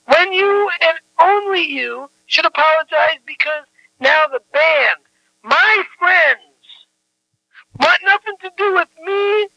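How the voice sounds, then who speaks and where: A man delivering a furious, profane phone rant, stammering and shouting. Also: extremely high pitch, dry recording, poor audio.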